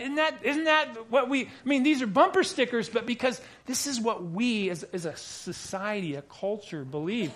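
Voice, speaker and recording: A man's voice: extremely high pitch, normal speed, hardly any pauses, fairly bright tone. A man preaching a sermon, emphatic and repetitive, asking rhetorical questions and sometimes restarting his words. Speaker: pastor.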